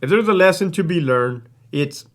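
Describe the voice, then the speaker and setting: A man with a somewhat high voice tells a story from his time as a prison guard. He talks casually and bluntly, swears often and leans on fillers like "like" and "right?". When he quotes others, his voice drops lower and quieter. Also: expressive, normal speed. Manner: blunt, profane, conversational with many fillers. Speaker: former prison guard telling stories.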